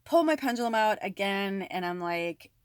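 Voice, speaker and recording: A woman telling a personal story to her viewers in a casual, animated way, with lots of fillers and frequent swearing. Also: medium pitch, normal speed, clear, resonant tone, dry recording, clean studio sound. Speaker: spiritual medium.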